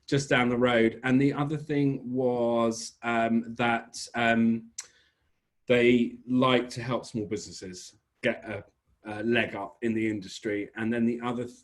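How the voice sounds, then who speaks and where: A British man with an English accent, a small business owner chatting as a podcast guest, telling rambling stories and correcting himself as he goes. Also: mid-range voice. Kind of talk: casual podcast interview.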